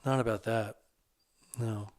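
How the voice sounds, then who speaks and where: Man playing a hurt divorced guy, earnest, halting, casual talk, lowish voice, dry sound. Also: steady tone, a little mellow, no echo.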